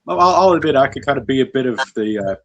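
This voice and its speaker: A man of middling pitch hosts a laid-back music interview. He rambles and restarts often while chatting with his guests. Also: expressive, fast, dull audio. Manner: rambling, many fillers and restarts. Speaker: interview host. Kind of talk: casual interview chat.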